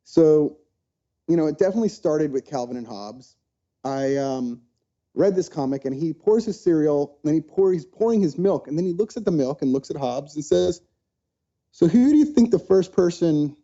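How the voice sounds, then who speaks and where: Dark-voiced man telling stories animatedly. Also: a little high, moderate pace, muffled recording. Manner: animated storyteller, acts out quotes. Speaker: podcast guest. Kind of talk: casual storytelling interview.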